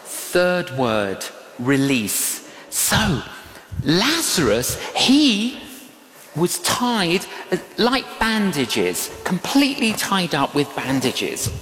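A man preaching a sermon, telling stories in an animated way that swings from hushed to loud. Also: sits high, extremely slow, a little hiss or hum. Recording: echoey hall with long reverb.

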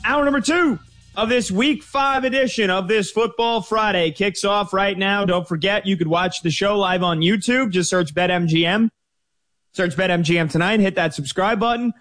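A man hosting a sports betting radio show, opening it in an energetic, promotional way. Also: high voice, unhurried, soft background music.

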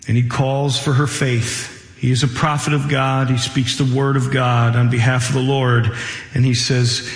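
Slow-speaking preacher in an echoey hall. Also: male voice, mid-range voice, flat delivery. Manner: earnest, acts out quoted speakers. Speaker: pastor. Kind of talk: sermon. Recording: echoey hall with long reverb.

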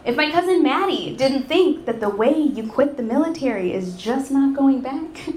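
A woman's voice: high voice, lively intonation, moderate pace, a little mellow, a little hiss or hum. A woman from Arkansas doing a wry, conversational stand-up set. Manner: wry, conversational, rhetorical asides. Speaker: stand-up comedian. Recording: echoey room.

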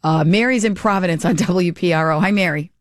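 A woman hosting a talk radio show tells a story in a chatty, animated way, tripping over and repeating her first words. Her voice sits in the middle of her range and comes through a close, dry studio mic with no room sound. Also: fairly low pitch, fairly quick, no echo. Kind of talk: casual radio chat and storytelling. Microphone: studio microphone.

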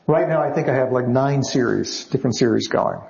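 Gravelly-voiced novelist telling stories. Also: male voice, medium pitch, a little fast. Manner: animated anecdotes, acts out other people's lines. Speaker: novelist guest. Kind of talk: storytelling interview answers. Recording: slightly muffled recording.

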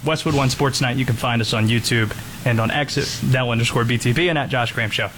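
A man co-hosting a sports radio talk show, teasing his partner in a measured way. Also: mid-range voice, fairly bright tone, a little hiss or hum, rough recording. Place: radio studio.

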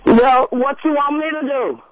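Crying mom on the phone, short blunt answers, dull muffled line. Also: female voice, high voice, fairly even intonation, moderate pace. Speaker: caller's mother on a prank call. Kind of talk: phone call on a radio show.

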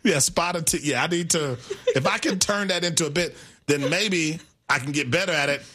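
A man co-hosting sports talk radio, with a fairly high, bright voice. He talks in loose casual banter, trips over his words and restarts them often. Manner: halting, self-interrupting, laughs easily. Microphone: studio microphone.

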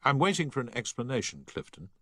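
A man's voice: mid-range voice, sing-song, fast talker, a bit bright, slightly rough, dry recording, studio quality, voice pushed up. A man reading the part of a strict male schoolmaster who speaks curtly and in an uncompromising tone. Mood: stern. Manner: curt, uncompromising. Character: stern strict middle-aged male housemaster. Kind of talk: audiobook character reading.

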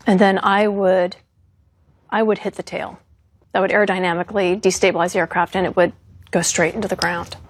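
Husky woman recalling a fighter pilot mission. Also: medium pitch, fairly quick. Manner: earnest, steady and resolute. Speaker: former fighter pilot, interviewee. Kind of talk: recounting interview.

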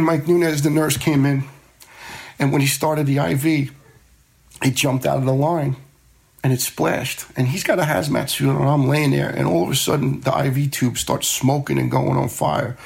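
A man's voice: fairly high pitch, creaky, a little mellow. A middle-aged man telling his own story in a plainspoken, conversational way, playing out the voices of people he quotes. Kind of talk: personal story told on a radio show.

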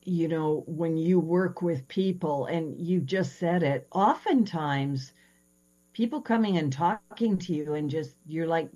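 A woman's voice: low-pitched, a little slow, dark tone, dull audio. A woman hosting a casual interview, asking long rambling questions with enthusiasm. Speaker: podcast host.

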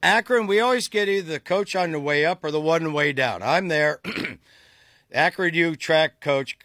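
A man's voice: fairly high pitch, moderate pace, pushed and bright, dry recording. A middle-aged man chatting casually about college sports and telling wry stories. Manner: wry storyteller, dry jokes.

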